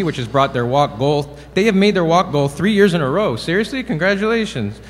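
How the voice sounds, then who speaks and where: A man's voice: high voice, a bit bright. A man presenting awards at a dinner, playful and wisecracking between announcements. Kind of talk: joking awards emcee. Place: large banquet hall. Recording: reverberant hall, crowd and noise behind.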